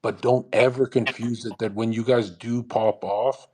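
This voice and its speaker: A man's voice: medium pitch, steady tone, measured pace, a little mellow, slightly rough. Guy ranting on a live audio call, cocky and profane, hammers the same point over and over. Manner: brash, lecturing, repetitive and heavily profane. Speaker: host of a live audio chat room. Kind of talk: profane motivational monologue. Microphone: online audio call.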